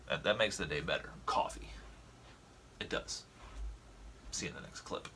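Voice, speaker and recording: Bright-voiced rambling male vlogger. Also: very deep voice, lively intonation, a little fast, long pauses, slight background noise. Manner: rambling, stumbling over repeated words; chatty, talking straight to viewers. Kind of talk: casual vlog chat.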